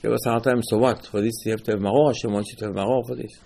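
A man giving an animated Torah class, asking and answering his own rhetorical questions. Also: mid-range voice, rapid-fire, gravelly. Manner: animated, rhetorical questions, lively emphatic teaching.

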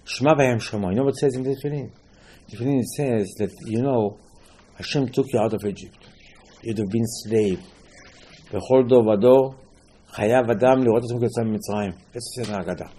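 Husky-voiced man teaching Torah. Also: medium pitch, fast talker, dark tone. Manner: emphatic, repetitive, switching between English and Hebrew quotes. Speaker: rabbi. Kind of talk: Torah lesson.

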